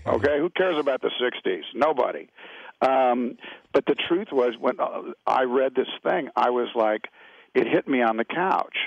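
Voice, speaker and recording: A man's voice: mid-range voice, expressive, normal speed, gravelly, dry recording. A middle-aged man from California, a guest actor telling rambling, laid-back anecdotes in a radio interview. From California, USA. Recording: dull lo-fi radio audio.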